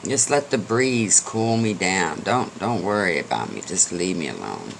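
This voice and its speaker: A weary old horse in a told storybook tale, put on by a man, slow and sinking low as he begs to be left alone. The voice is medium in pitch, with a faint hiss of noise behind it. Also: expressive, fairly bright tone. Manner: slow, tired, low and dragging.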